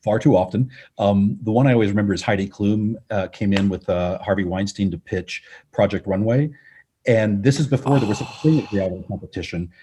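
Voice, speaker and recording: A middle-aged man, a TV executive guest on a podcast, telling relaxed anecdotes. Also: on the low side, a little fast, breathy edge. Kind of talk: interview answers.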